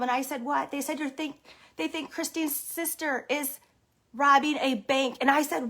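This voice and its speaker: A woman telling an animated, mock-stern story while playing a thief character, with sudden exclamations and repeated catchphrases. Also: high voice, moderate pace, creaky. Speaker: daycare owner vlogger.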